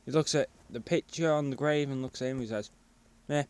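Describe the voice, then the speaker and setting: A man's voice: medium pitch, quick pace, darkish tone, clear, resonant tone. A man, improvising a fan story in a rambling, casual way. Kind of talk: casual spoken fan fiction.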